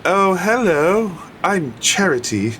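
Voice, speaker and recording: Man playing a sly tiefling lady, high sugary voice, obviously fake accent, light background hum. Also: very animated, fairly bright tone, exaggerated voice. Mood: coy. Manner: sugary, deliberately bad put-on accent.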